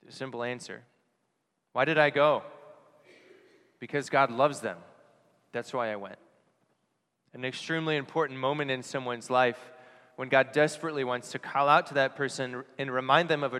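Earnest priest preaching in a reverberant church. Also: male voice, mid-range voice, smooth. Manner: earnest, rhetorical questions, soft pauses on key phrases. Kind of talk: Christmas homily.

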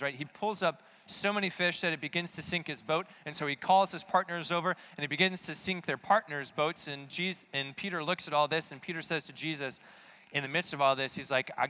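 A man's voice: fairly high pitch, sharp tone. A man giving a conversational sermon, asking many rhetorical questions. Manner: casual, full of rhetorical questions. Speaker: preacher.

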